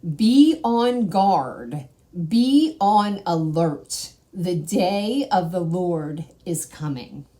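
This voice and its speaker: A woman quoting a solemn divine voice giving a warning, in a slow, emphatic delivery. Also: fairly low pitch, lively intonation, warm tone.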